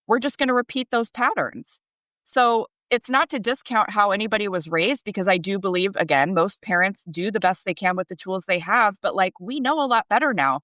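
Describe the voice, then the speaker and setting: A woman's voice: medium pitch, fairly quick, fairly bright tone, no room sound. A woman in her thirties, a parenting coach, explaining earnestly in a conversational podcast interview, rising animatedly on key points.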